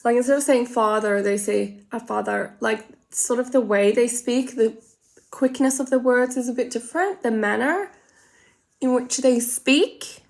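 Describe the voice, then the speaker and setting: A woman's voice: a little high, moderate pace. An Australian woman chatting casually and rambling through a makeup tutorial, full of gossipy asides. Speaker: makeup vlogger.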